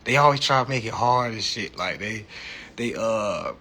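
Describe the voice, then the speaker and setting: Forceful, husky man chatting on a livestream. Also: on the low side, normal speed. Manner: animated, profane, laughs often; slangy, repeats "you know what I'm saying". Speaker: livestream host. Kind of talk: casual livestream chat.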